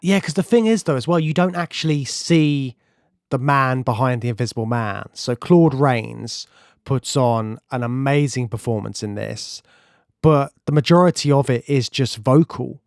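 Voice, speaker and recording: A man co-hosting a podcast, talking enthusiastically about film history in a casual, animated way. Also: mid-range voice, normal speed, vocal fry, no room sound, studio quality. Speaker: podcast co-host.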